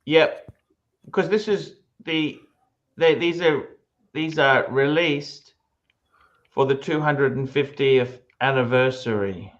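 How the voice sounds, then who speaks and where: A man co-hosting a casual livestream, explaining watch models with effusive praise and halting fillers. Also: medium pitch. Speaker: co-host and watch expert. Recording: dull lo-fi sound.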